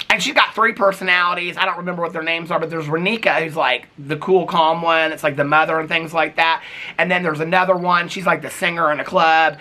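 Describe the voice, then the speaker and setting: A man's voice: a little high, brisk, pushed and bright. A man chatting casually and expressively as he recaps a reality TV show for his viewers. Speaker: TV reaction vlogger.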